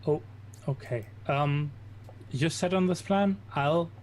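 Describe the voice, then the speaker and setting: A man playing a tabletop game, talking hesitantly with many pauses and fillers. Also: a little high, a little mellow. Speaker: player.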